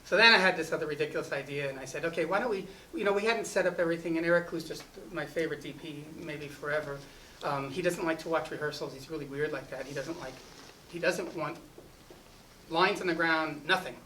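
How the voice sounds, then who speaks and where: A man's voice: on the high side, fast talker, bright, forceful tone. A man, a film director at a festival, telling a rambling casual anecdote full of "you know" and restarts. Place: festival event. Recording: distant mic with faint ambient noise.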